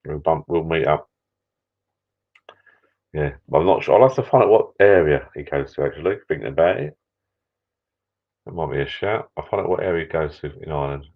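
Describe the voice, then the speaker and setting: A middle-aged man with a deep, low voice rambles to his live-stream viewers from a small backyard shed bar, tired and a few beers in, with the odd mild swear. The audio is dull and lo-fi, as if picked up by a laptop mic. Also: lively intonation, brisk, pauses often. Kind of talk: casual live-stream chat.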